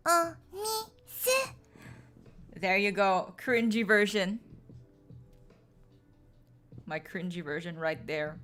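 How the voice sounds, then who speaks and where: A woman's voice: fairly low pitch, fairly bright tone. A young woman chatting casually and playfully with her stream viewers, full of slang and laughter.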